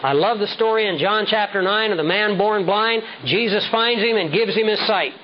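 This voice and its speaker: A man preaching a sermon with measured, emphatic delivery, slowing down to stress key words. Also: sits high. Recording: dull lo-fi sound with faint noise.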